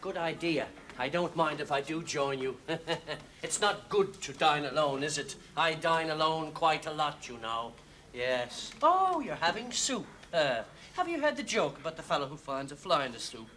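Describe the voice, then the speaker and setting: A man's voice: a little high, expressive, moderate pace, pushed and bright, a little hiss or hum. A man playing a pushy, know-it-all restaurant diner in a 1970s TV sketch, talking over people in an overbearing, clowning way. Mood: chummy. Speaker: comic sketch performer. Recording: TV studio with audience laughter.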